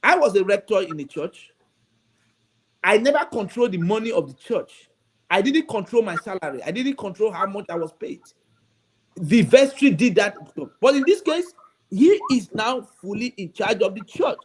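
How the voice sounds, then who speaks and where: A bishop, speaking high and lively with big swings of pitch. He pleads and presses his points with emphasis, a guest on a talk show. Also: moderate pace, poor audio. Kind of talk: radio talk show interview.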